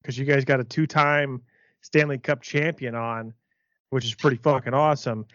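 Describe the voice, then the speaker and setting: A man's voice: medium pitch, steady tone, moderate pace, a bit bright, dry recording. A man hosting a casual podcast, asking questions in a loose, joking, profane way. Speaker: podcast host. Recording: dull lo-fi audio.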